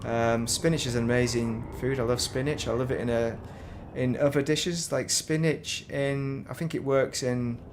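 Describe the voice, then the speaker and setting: A man's voice: mid-range voice, fairly even intonation, moderate pace, few pauses, background noise. A man casually commentating while he plays a space game, rambling and breaking off mid-sentence. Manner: rambling, self-interrupting, chatty. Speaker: game streamer.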